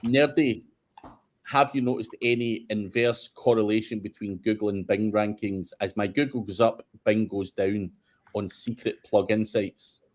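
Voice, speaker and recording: A man with a lowish voice trading blunt, profane banter in a casual chat. He swears easily and talks in short, direct runs. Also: fairly even intonation, a little slow. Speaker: podcast co-host.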